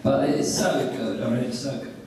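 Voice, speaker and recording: A man's voice: mid-range voice, moderate pace, a crowd in the background. A man telling rambling stand-up stories and bantering with a convention audience. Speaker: stand-up guest at a fan convention. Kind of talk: stand-up comedy storytelling. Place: large convention hall, from far off. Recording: echoey hall from far off, noisy.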